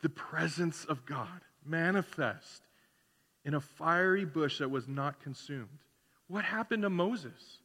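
Pastor guy preaching, kinda chatty with lots of "like" and "you know", bright voice ringing in a big church. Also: fairly high pitch, animated, takes it slowly. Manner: conversational preaching with frequent fillers and acted asides. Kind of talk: sermon. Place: church sanctuary. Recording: long church hall reverb.

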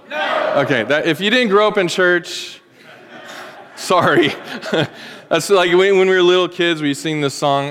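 A man's voice: fairly high pitch, expressive, measured pace, pauses often, a bit bright, smooth, big-room sound. A man in his forties preaching a sermon, conversational and joking, speaking as a pastor to his congregation.

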